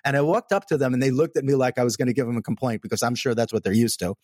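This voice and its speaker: A man telling a personal story in casual conversation, animated and emphatic. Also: mid-range voice, very fast, no room sound, clean studio sound. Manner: animated, emphatic, repeats "okay?" for effect.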